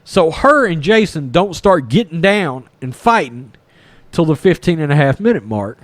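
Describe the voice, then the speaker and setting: A man's voice: fairly high pitch, normal speed, no room sound. A man, hosting a podcast and casually retelling a movie plot, rambling and swearing freely. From East Texas. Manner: rambling, animated, swears freely, acts out character lines. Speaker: podcast host reviewing a film.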